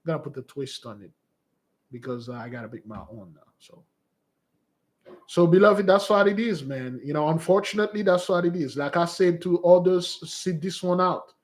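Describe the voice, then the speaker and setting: A man talking casually to his followers as a spiritual fasting leader, exhorting them and calling them beloved, with rambling asides. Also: on the high side. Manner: exhorting, calls listeners beloved.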